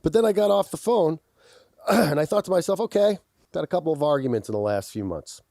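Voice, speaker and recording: A man's voice: on the high side, fairly quick, gravelly, no room sound, clean studio sound. A man co-hosting a podcast in casual chat, with an intense, aggressive-sounding way of talking and frequent laughs. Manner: animated storytelling, laughs often. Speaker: podcast co-host.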